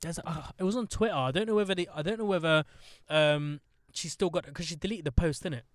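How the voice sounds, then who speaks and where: A young man chats bluntly on a podcast, swearing and turning sarcastic. His voice sits high and the close mic sounds dry, with no room around it. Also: fast, no echo. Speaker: podcast host. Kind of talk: casual podcast chat.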